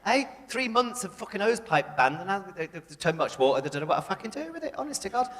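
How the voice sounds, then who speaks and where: A man's voice: sits high, very animated, fast. A man doing bawdy stand-up as a drag comedian in a live club, crude and brash with the crowd. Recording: live club recording with loud crowd and echo.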